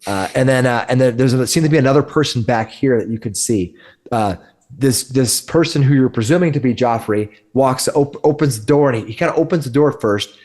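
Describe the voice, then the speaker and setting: A man's voice: mid-range voice, brisk, darkish tone. A man narrating as game master of a tabletop game, often restarting and correcting himself mid-sentence. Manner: rambling, self-correcting narration.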